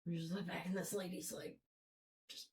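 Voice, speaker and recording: A woman's voice: lowish voice, flat delivery, moderate pace, darkish tone. A woman hosting a podcast, telling stories in a casual, rambling way full of swearing and fillers. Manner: rambling, profane, filler-heavy. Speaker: podcast host. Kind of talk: casual storytelling chat.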